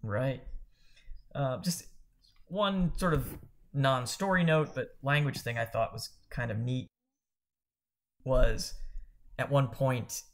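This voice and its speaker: A man's voice: medium pitch, takes it slowly, long pauses. Man, podcast co-host, casual book discussion, rambling, self-correcting.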